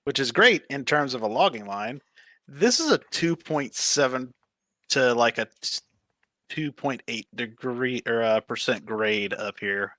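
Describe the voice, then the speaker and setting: A man's voice: mid-range voice, expressive, a little slow, pushed and bright, no room sound. A man chatting casually while playing a game, joking and punning as he rambles on. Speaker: game player and co-host. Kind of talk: casual gameplay chat.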